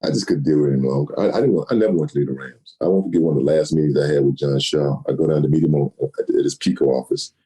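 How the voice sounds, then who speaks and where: A man in his sixties, a guest in an interview, telling stories with lively delivery and acting out quoted dialogue. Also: rumbling low, racing, hardly any pauses, rough recording. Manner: animated storyteller, acts out quoted dialogue. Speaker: guest, retired football player. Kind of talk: storytelling interview.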